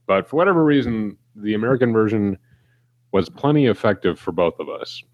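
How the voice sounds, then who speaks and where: A man with a low, deep voice tells a story on a casual podcast. He acts out the lines of the people in it. His voice is close and dry, with no room sound. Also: fairly quick, dry recording, highs cut off. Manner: animated storyteller, acts out quotes. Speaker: podcast co-host. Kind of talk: casual chat.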